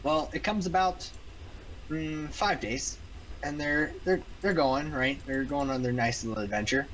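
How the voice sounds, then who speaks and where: A man's voice: on the high side, unhurried, fairly bright tone, slight background noise, low-quality recording. A man improvising a silly story while gaming, rambling and repeating words. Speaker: gamer telling a story. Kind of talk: improvised storytelling on a game stream.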